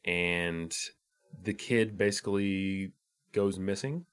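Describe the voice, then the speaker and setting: Male podcast co-host, low pitch, easygoing banter that trails off. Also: slow, clear, resonant tone. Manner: relaxed, trailing off, laughs often. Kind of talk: casual chat.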